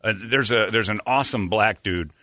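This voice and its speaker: Male podcast host, bright animated delivery, dry close sound, slips into mocking voices. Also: on the low side, normal speed, dry recording. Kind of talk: casual chat.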